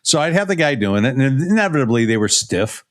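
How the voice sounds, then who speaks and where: A man chats on a coaching podcast, easing into his stories slowly and scattering fillers as he goes. His voice sits at an ordinary middle pitch. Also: sing-song. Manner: rambling, anecdotal, many "you know" fillers. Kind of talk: casual podcast chat, storytelling.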